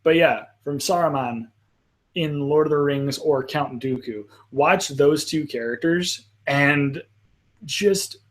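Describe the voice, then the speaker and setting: A man hosting a live panel in casual chat, rambling with frequent restarts and quick apologetic asides. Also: a little high. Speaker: panel host.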